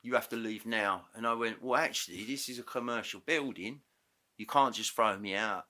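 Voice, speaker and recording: A man guest on a podcast, telling a story casually and acting out the dialogue with quick self-corrections. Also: on the low side, pushed and bright. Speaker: interview guest. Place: podcast studio.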